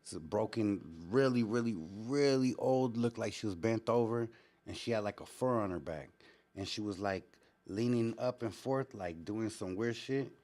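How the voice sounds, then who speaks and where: A man's voice: lowish voice, moderate pace, darkish tone. A man hosting a live call-in show, telling a story in a casual, slang-heavy way. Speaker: host. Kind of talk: casual live-stream talk.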